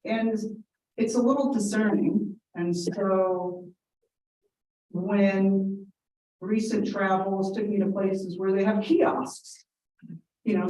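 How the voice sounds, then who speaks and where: A woman's voice: lowish voice, dark tone. A woman giving a public comment at a town meeting, earnest and rambling, with frequent ums and quoted anecdotes. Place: large council chamber. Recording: echoey meeting room from far off.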